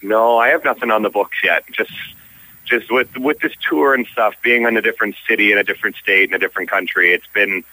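A man's voice: lowish voice, brisk, pushed and bright, no echo, poor audio. A young man from Canada, a stage actor, chatting easily as an interview guest. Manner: easygoing, frequent restarts. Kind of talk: casual interview.

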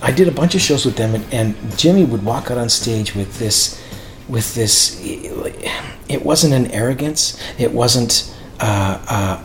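A man's voice: medium pitch, expressive, a little slow. A man, a guest musician telling rambling stories in casual conversation. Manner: rambling, many restarts. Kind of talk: casual storytelling.

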